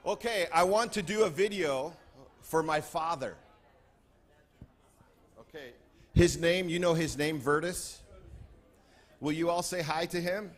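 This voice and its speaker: A man speaking on stage at a convention, playfully calling out to groups in the crowd and shouting greetings. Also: on the high side, unhurried, pauses often. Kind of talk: lively stage address to a crowd. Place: large convention hall with a crowd.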